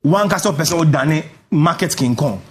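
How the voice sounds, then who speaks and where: A man's voice: a little high, expressive, normal speed, crowd noise. Indignant Ghanaian man ranting. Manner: indignant, emphatic, repeats for stress. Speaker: host. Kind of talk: heated political commentary.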